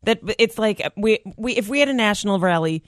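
A woman from Canada guests on a radio show as a comedian. Her pitch moves a lot, and she tells stories in an animated, laughing way. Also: fast talker, dry recording, studio quality. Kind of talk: radio interview banter.

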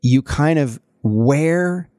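A man hosting a podcast, chatting casually in an animated way and often restarting his sentences. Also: on the high side, drawn-out words, dry recording, clean studio sound. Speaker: podcast host.

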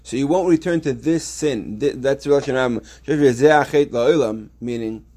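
A man's voice: mid-range voice, takes it slowly, warm tone. A man teaching a yeshiva Torah class, explaining step by step with many restarts and reading Hebrew texts aloud.

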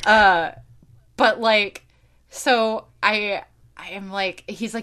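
A woman hosting a podcast, telling a video game story in casual chat, animated and swearing freely, with lots of fillers. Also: medium pitch, slow pace, long pauses. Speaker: podcast host.

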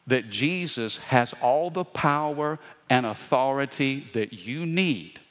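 A man's voice: medium pitch, a bit bright. Preacher man, big hall reverb. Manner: call-and-response preaching, folksy asides. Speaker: pastor. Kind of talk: sermon. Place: church sanctuary.

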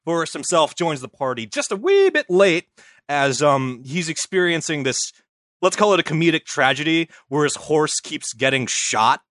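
Bright, casual man narrating history. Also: fairly high pitch, big pitch swings, moderate pace, dry recording, studio quality. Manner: loose, joking, sprinkled with fillers and swearing. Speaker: podcast host telling the history.

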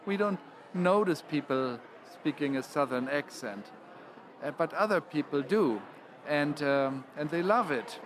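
A man's voice: a little high, expressive, unhurried, background noise. A man, speaking as a panel guest and often restarting his phrases. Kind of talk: panel discussion.

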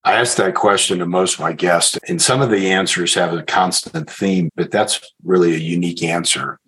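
A man hosting a podcast interview, asking questions in a measured, affirming way. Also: low voice, a bit bright, slight background noise, low-quality recording. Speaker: podcast host.

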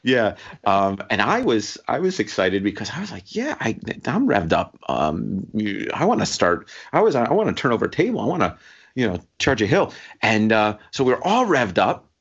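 A man telling a personal story in casual conversation, halting and restarting often and laughing as he talks. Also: fairly low pitch, sing-song, slightly rough. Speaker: guest sharing a story. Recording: dull lo-fi sound.

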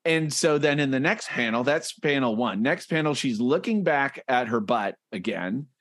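A man's voice: mid-range voice, expressive, normal speed, fairly bright tone, no room sound, clean studio sound. A man co-hosting a casual comedy podcast, reading comic panels aloud and laughing often. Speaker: podcast co-host.

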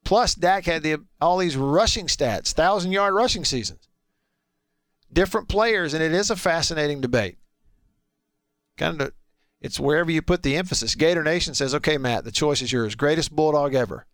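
A chatty radio host, a man whose voice sits fairly high and sounds smooth and clear. He reads texts and teases callers with playful energy, close to a dry studio mic. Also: lively intonation, normal speed, a bit bright, no echo. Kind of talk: casual radio talk, reading listener texts.

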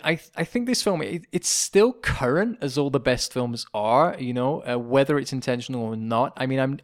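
An English man co-hosting a podcast, chatting enthusiastically about a favorite comedy film and laughing often as he recalls the jokes. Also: medium pitch. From England. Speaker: podcast co-host. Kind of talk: casual film discussion.

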